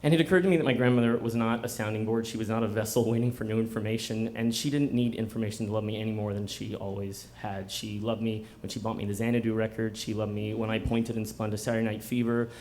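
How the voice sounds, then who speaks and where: A man's voice: lowish voice, little pitch movement, fast talker, few pauses, darkish tone, slight background noise. A man telling a personal story at a live bookstore story slam, conversational and self-mocking, often slipping into laughter. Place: bookstore event before a live audience.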